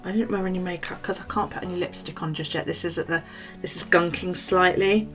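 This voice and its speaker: A woman's voice: fairly low pitch, fairly even intonation, a little fast, soft background music. A middle-aged British woman vlogging, telling a gossipy story in casual, chatty talk and swearing freely. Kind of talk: casual chat to camera.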